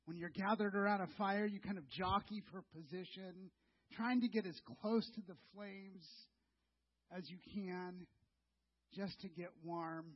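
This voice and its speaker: A middle-aged male pastor with a high voice delivers a sermon as a conversational story, speaking straight to his listeners as "you". His tone is husky, and the recording sounds dull and lo-fi. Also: steady tone, unhurried.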